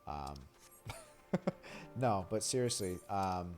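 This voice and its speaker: A young male streamer talking loosely over the game, his voice sitting a bit low. He rambles and jokes with a steady stream of "like" and crude asides. Game music plays clearly behind him. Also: drawn-out words. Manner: rambling and joking, heavy use of "like", crude humor. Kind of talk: casual live-stream chat while reading game dialogue.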